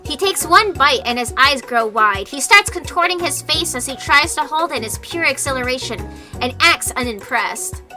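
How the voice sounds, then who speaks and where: A woman's voice: high voice, animated, moderate pace, sharp tone, soft background music. A young woman streaming a dating game, reading its text aloud and joking about it in a playful way.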